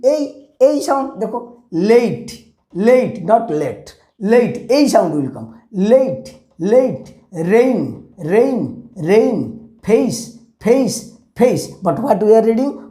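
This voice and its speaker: Slow, drilling male English teacher. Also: sits high, mellow. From India. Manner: repeats each word many times, slow and drilling; mixes in Hindi words. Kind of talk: classroom phonics lesson. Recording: echoey room.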